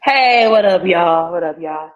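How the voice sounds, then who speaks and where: A woman's voice: on the low side, lively intonation, a little slow, soft background music. Hype woman podcast host, lo-fi sound. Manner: hype, slangy, talks straight to listeners. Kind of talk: casual podcast chat. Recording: dull lo-fi recording.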